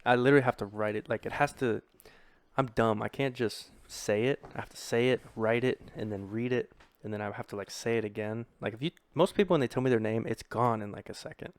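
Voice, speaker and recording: A man's voice: mid-range voice, fairly quick, no room sound. A young man chatting casually on a podcast, rambling and swearing, poking fun at himself. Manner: rambling, profane, self-deprecating. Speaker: podcast host. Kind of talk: casual chat.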